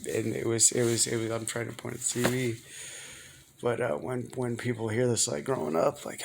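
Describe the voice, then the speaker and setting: A man's voice: medium pitch, little pitch movement, moderate pace, gravelly, noisy background. A man talking casually to camera in a personal vlog, rambling and hesitant, often repeating words. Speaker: vlogger.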